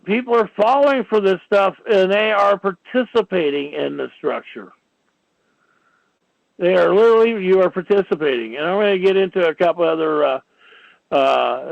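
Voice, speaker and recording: Gravelly high-voiced man ranting on radio. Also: no echo, lo-fi sound. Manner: ranting, filler-heavy, many "you know"s. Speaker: radio show host. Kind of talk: rambling talk-radio monologue.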